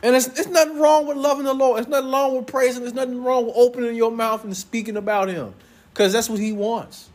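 A young man preaching a sermon to his congregation, loud and playful, joking with them as he goes. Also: very high voice, steady tone, brisk. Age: young adult.

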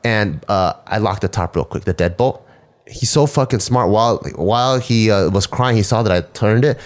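Man podcast co-host, slightly low voice, animated anecdotes, curses casually. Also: normal speed. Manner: animated storyteller, swears, jumps high when imitating a toddler. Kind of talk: casual podcast chat, storytelling.

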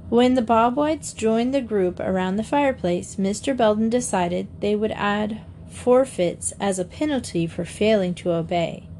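A woman narrating a children's mystery audiobook in a measured, gentle storytelling voice. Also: mid-range voice, slight background noise.

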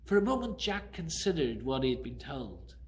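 A man preaching a sermon who opens with a prayer and tells a story in a conversational, animated way. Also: a little high, moderate pace, a little hiss or hum.

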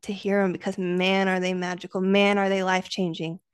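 Female podcast host, mid-range voice, warm enthusiasm, dry studio sound. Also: medium pitch, flat delivery, brisk, clean tone, no echo. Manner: enthusiastic, affirming listener, tells jokes animatedly. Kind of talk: casual conversational chat.

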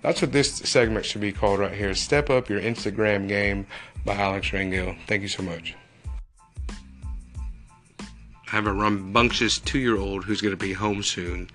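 Rambling man with a bright voice. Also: fairly low pitch, unhurried, long pauses, faint music behind. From Texas. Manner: rambling, joking, animated asides. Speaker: podcast host. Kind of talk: casual solo podcast monologue.

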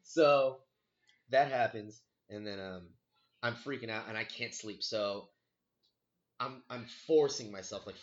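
A man's voice: lowish voice, normal speed, muffled recording. A young man casually telling a friend a scary story from his past, swearing freely and acting out his own reactions.

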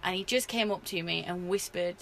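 A woman with a slightly low voice, chatting in an interview. She tells her stories animatedly, with plenty of fillers. A faint hiss sits under the recording. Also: brisk. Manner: animated storyteller, many fillers. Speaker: wrestler. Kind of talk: casual interview chat.

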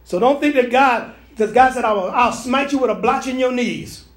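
A pastor with a very high-pitched voice preaches a prophetic sermon to online viewers at a moderate pace. His delivery is preachy and repetitive, stammering and restarting phrases as he goes.

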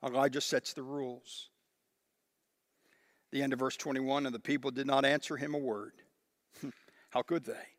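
A male pastor preaching a sermon, emphatic and animated as he reads scripture aloud with dramatic emphasis. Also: medium pitch, normal speed, pauses often, dry recording, studio quality.

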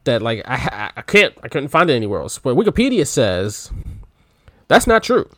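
A man co-hosting a podcast in relaxed, offhand casual chat, full of little fillers. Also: medium pitch, moderate pace, no room sound, clean studio sound. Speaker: podcast co-host.

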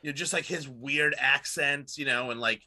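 A man in his thirties with a very bright, forward voice, talking casually and rambling through stories. He fills every pause with fillers and swears freely. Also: medium pitch. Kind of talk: casual chat.

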